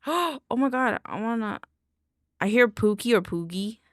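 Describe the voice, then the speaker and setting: A woman's voice: medium pitch, animated, slow pace, gravelly, pauses often, dry recording, studio quality. A young woman with a Southern accent, rambling goofily to her chat while streaming. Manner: goofy, rambling, talks to chat. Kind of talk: casual live-stream chat.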